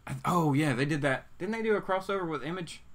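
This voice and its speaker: A man's voice: on the high side, lively intonation, fast talker, fairly bright tone. A man hosting a casual comics talk stream, reading out viewer comments and rambling through his opinions with plenty of fillers and restarts. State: hiccups. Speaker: host of a comics talk show.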